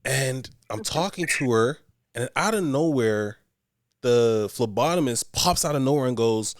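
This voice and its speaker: A man, a podcast co-host, telling a story in casual chat, animated and profane. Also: mid-range voice, a little slow, dry recording, studio quality.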